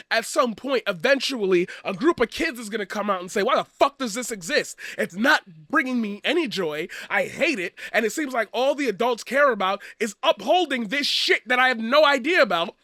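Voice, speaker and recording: A man giving a profane, blunt commentary rant, swinging from loud shouting to quiet earnest talk. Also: high voice, no room sound, clean studio sound. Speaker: commentary streamer. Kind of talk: ranting commentary.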